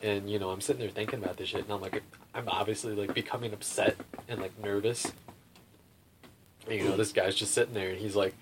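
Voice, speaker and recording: A man's voice: fairly low pitch, steady tone, quick pace. A young man telling a rambling personal story in casual chat. He fills his talk with "like" and swearing and laughs often. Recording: faint background noise.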